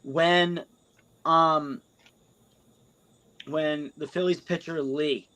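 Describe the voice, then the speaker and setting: A man co-hosting a casual wrestling talk show, rambling and halting and swearing often. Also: fairly high pitch, fairly even intonation, bright, forceful tone. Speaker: co-host. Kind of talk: casual podcast banter.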